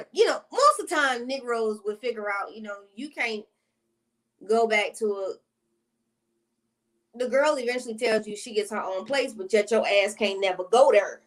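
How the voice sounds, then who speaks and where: Woman vlogger, slightly high voice, rambling and profane storytime delivery full of asides. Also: expressive, moderate pace, fairly bright tone. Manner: profane, rambling, with side tangents to viewers. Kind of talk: casual storytime monologue.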